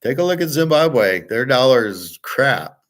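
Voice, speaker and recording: A man's voice: medium pitch, sing-song, unhurried, a bit bright. A man hosting a casual monologue show, talking bluntly and profanely with many restarts and trailing fillers. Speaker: podcast host and betting tipster.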